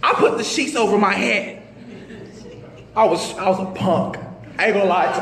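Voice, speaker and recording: A male minister tells his own story from the pulpit, animated and full of street slang. His voice sits very high and swings up and down. It rings through a mosque hall with a long reverb tail. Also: normal speed, pauses often. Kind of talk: testimony sermon.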